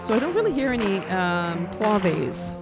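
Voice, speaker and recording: A woman's voice: mid-range voice, very animated, normal speed. Encouraging woman coaching a band. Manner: encouraging, sings phrases to demonstrate. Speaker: band adjudicator. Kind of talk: live feedback over band playing. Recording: loud band music behind voice. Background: concert band playing.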